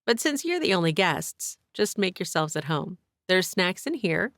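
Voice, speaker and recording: A woman's voice: fairly low pitch, big pitch swings, normal speed, a bit bright, no room sound, studio quality. A woman reading an audiobook, voicing a chatty, cheerful young innkeeper and mother with a bubbly, welcoming manner.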